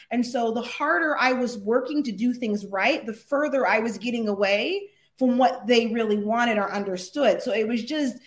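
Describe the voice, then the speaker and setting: Middle-aged American woman, interview guest, lively and laughing, slightly high pitch. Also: normal speed. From United States. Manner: animated, laughs often, acts out quotes. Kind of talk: casual storytelling.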